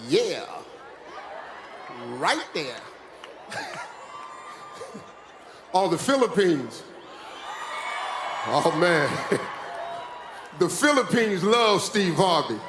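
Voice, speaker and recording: An older American man giving a live motivational speech in a large dome, animated, preachy and joking with the audience. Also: high-pitched, very slow, pauses often. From West Virginia, USA. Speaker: motivational speaker. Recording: echoey dome, faint crowd noise.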